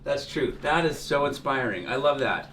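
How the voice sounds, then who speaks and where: A young man hosting an interview, enthusiastic and quick to affirm, sharing a short personal story. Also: medium pitch, expressive, fairly bright tone. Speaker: interview host. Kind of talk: casual interview. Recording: roomy, distant mic with faint hiss.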